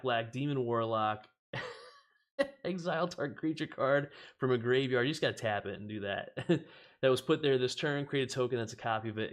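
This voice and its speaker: A chatty man hosts a relaxed card-opening stream, laughing easily as he reads each card's text aloud. His voice sits at an ordinary middle pitch and his manner is loose and unscripted. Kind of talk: casual chat while opening card packs.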